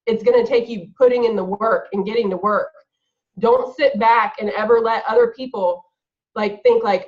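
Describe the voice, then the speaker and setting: A woman's voice: a little high, steady tone, moderate pace, dull audio. A woman giving an earnest, emphatic motivational talk to her sales team on a call. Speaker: guest speaker on a team call.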